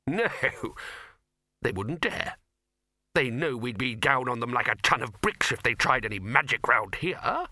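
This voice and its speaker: Man doing a fussy wizard bursar, nervous, halting, bright tone. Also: mid-range voice, expressive, no room sound, clean studio sound, heavily acted. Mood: fretting. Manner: hesitant, trailing off, worried.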